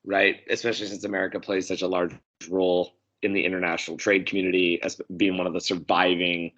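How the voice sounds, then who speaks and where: A man co-hosting a casual history podcast, quick with quips and laughs. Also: low voice, level tone, a bit bright. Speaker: podcast co-host. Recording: dull lo-fi sound.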